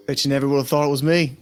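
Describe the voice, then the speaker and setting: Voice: mid-range voice, natural voice. A player voicing a showy masked male performer in a tabletop role-play, rambling in a self-amused way.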